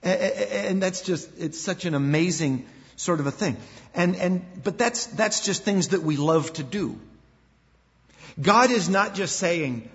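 An older man, a pastor, preaching a sermon in an animated way, acting out quoted voices and often repeating words. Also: high voice, a little slow. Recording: dull sound with long hall reverb.

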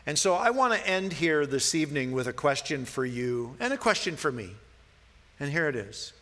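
A man's voice: a little high, very animated, normal speed, bright, forceful tone. A man preaching a sermon as a pastor, earnest and building to emphatic questions. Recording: long reverb of a large hall.

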